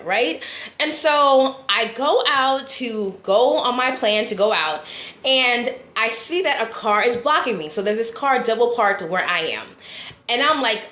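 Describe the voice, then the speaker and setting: A woman life coach telling a story in an animated live-stream motivational talk, often checking in with "right?". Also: on the high side, reverberant.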